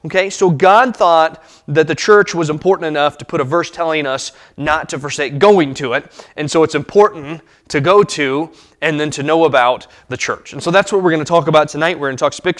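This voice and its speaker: A man in his thirties preaching a sermon as pastor, pausing often with fillers and restarts. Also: a little high, a bit bright. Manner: halting, many fillers and restarts.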